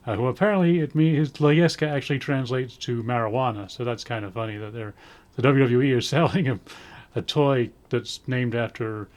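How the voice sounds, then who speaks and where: A man's voice: medium pitch, darkish tone. A man giving a casual spoken review in a rambling way, full of ums, with dry sarcastic asides. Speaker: wrestling show reviewer.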